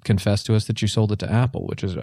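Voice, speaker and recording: A man improvising a comedy scene as an earnest songwriting teacher, rambling through ideas, his pitch jumping up when he gets excited. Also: fast talker, creaky, no room sound, clean studio sound. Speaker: comedy podcast host playing a songwriting teacher.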